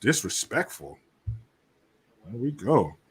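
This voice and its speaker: A man hosting a podcast with loose, profane banter. His voice sits at an ordinary mid pitch. He reads news items aloud between jokes, in a casual chat style. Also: sing-song, slow pace, husky. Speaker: podcast host.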